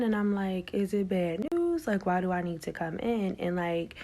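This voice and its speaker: A young woman telling her own story in a candid, blunt way, swearing freely and getting animated at the intense parts. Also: on the low side, a little slow. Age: young adult. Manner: animated, rising loud when recounting shock. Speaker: vlogger sharing her story.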